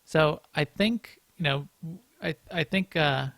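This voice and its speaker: A man's voice: on the high side, slow, vocal fry, a bit bright, no echo. A man co-hosting a casual gaming podcast, rambling and restarting as he thinks aloud. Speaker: podcast co-host.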